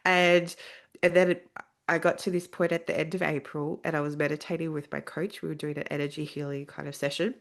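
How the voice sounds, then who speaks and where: A woman's voice: low voice, a little fast, vocal fry. A woman guest on a podcast, telling a personal story in a casual way and acting out the other people's lines as she goes. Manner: animated, acts out quoted dialogue.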